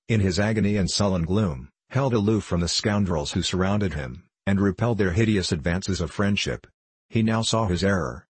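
Male audiobook narrator, deep voice, measured delivery. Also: breathy edge, dry recording. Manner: steady, measured reading.

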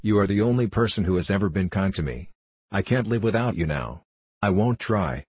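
A clever orphan girl begs with intense feeling, voiced by a man reading aloud. The voice stays low and slightly husky, dry and close. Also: expressive, brisk, darkish tone, no room sound. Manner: imploring, intense. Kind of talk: audiobook character voicing.

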